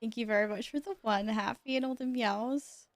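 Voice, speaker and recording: Excitable woman streamer with a bright voice. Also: on the high side, normal speed, background noise. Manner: excitable, laughs often, swears when amazed. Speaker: livestreamer. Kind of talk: casual stream chat with viewers.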